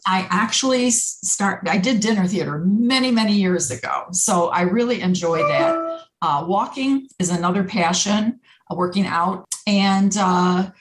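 A woman in her sixties, an HR consultant telling stories in a lively interview, with many fillers. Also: unhurried, slight background noise. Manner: animated storyteller, acts out quotes in higher pitch. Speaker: HR consultant, guest. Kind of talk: conversational interview. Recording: echoey room.

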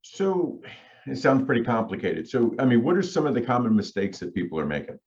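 A man's voice: mid-range voice, big pitch swings, brisk, darkish tone. A man hosting a podcast, asking his guest questions in a casual, hesitant way. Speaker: podcast host. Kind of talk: interview questions. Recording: dull lo-fi sound.

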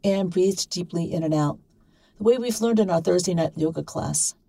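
Low, gravelly woman reading a story. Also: normal speed, warm tone, no room sound, low-quality recording. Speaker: reader. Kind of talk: reading a short story aloud.

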